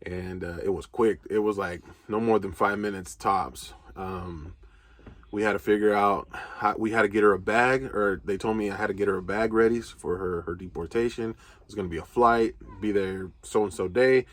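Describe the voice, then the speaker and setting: A young man telling a painful family story in a casual, halting way, full of fillers and restarts. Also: fairly low pitch, steady tone, no echo. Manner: casual, halting, filler-heavy, choked with emotion. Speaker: vlog co-host. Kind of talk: emotional storytelling.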